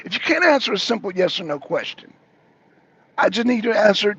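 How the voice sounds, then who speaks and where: A man's voice: sits high, very animated, a little fast, a bit bright, husky, lo-fi sound. A man hosting a livestream, talking to his chat in an emphatic, repetitive way and arguing back at commenters. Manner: emphatic, repeats himself, argues back. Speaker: host.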